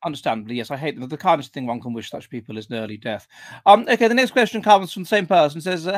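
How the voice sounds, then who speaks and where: A man's voice: a little high, fast talker, dry recording. A man hosting a podcast interview, reading out listener questions with some hesitation. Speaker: podcast host.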